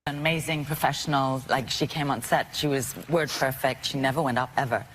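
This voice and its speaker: Talk show guest, woman, low and expressive, reminiscing. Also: a little fast, a little hiss or hum, rough recording. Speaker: actor guest.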